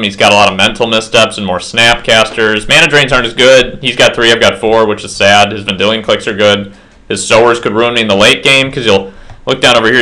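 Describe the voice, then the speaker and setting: A man's voice: lowish voice, bright, forceful tone. A slightly tipsy man casually commentating his own card game match at home, rambling with self-deprecating asides.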